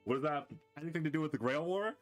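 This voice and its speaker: A man's voice: a little high, rapid-fire, faint music behind. A man acting as game master, loosely explaining the campaign world in a meandering, conversational way. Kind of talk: explaining a tabletop campaign setting.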